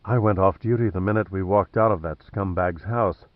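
A man's voice: low voice, moderate pace, no room sound, phone-quality sound, lightly acted. A man reading an audiobook voices a sultry, dry-witted female government agent, cool and teasing.

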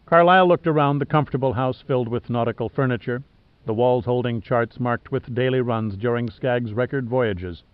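A man narrating an audiobook in a measured, even storytelling manner. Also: mid-range voice, no echo. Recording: dull, dry studio recording.

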